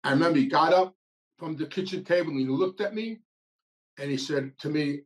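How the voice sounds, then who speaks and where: Speaking at a moderate pace in a medium-pitched voice, a man shares his recovery story in a casual monologue. His delivery is blunt and streetwise, full of repeated and restarted phrases, and the recording is rough.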